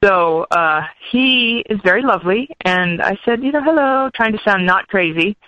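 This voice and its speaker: A woman guest telling a lively personal story, sometimes acting out voices in quotes. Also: mid-range voice, normal speed, no room sound, rough recording. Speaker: podcast guest. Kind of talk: storytelling anecdote.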